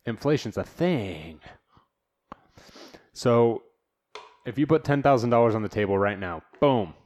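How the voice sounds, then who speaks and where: A man hosting a casual solo podcast from a home studio, rambling in a relaxed, slangy way. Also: medium pitch, a little slow, highs cut off. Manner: laid-back, slangy, rambling with fillers. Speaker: podcast host.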